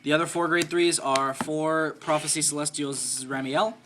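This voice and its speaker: A young man giving a casual profile of his card game deck, explaining card rules in a quick offhand way. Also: a little high, fairly even intonation, background noise. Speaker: deck presenter. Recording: loud crowd chatter behind.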